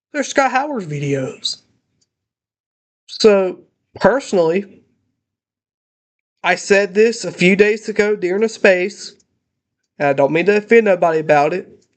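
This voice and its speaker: A young man ranting in a casual home vlog, emotional and halting with many restarts, recorded on a laptop in his parents' house. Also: high voice, lively intonation. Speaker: channel host.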